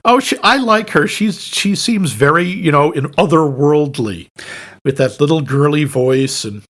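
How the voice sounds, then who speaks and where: A man co-hosting a podcast in casual movie chat, enthusiastic and quick to laugh while sharing trivia. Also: fairly high pitch, a bit bright. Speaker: podcast co-host.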